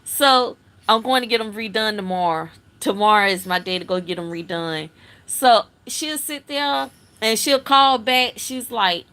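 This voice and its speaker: A middle-aged woman hosting a casual livestream, telling a family story in an animated, chatty way. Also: on the high side, unhurried. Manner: animated, chatty, acts out family members' voices. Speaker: livestream host.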